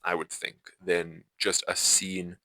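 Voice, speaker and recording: Bright-toned young man rambling casually. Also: low voice, monotone, slow, no echo, low-quality recording. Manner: rambling, full of fillers and self-corrections. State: itchy eyes. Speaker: vlogger reviewing a film. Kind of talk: casual unscripted talk to camera.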